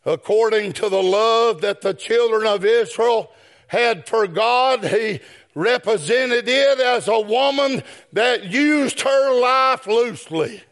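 A man preaching a sermon, swinging from shouted chanted phrases down to low spoken asides. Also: takes it slowly.

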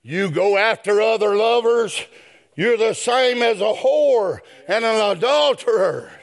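A man preaching a sermon, swinging from shouted chanted phrases down to low spoken asides. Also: expressive, unhurried, vocal fry.

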